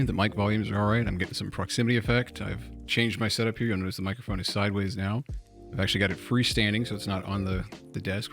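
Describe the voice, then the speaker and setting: A man's voice: fairly low pitch, gravelly. A man co-hosting a live game stream, chatting casually and technically while joking. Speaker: streamer co-host.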